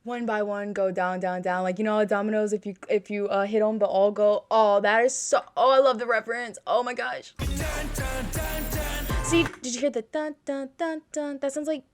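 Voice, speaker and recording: Woman, reaction host, excitable and gushy, cries out constantly and cheers herself on, mid-range voice. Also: medium pitch, normal speed, soft background music. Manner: gushing, exclaims often, talks to herself. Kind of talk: excited music video reaction.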